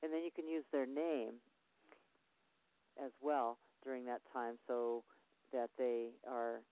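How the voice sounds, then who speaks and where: A man's voice: mid-range voice, fairly even intonation, slow, clear, resonant tone, dry recording. A man who works as a sport psychology consultant, explaining visualization technique in loose, unscripted instructional talk with frequent fillers. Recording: tinny phone-like audio.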